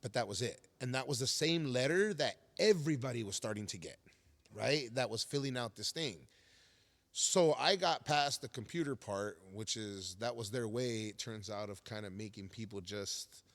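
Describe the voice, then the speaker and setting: A man's voice: mid-range voice, moderate pace, fairly bright tone. A man telling his prison stories as a podcast guest, casual and profane, full of street slang like "fool" and "homie.". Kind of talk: casual storytelling.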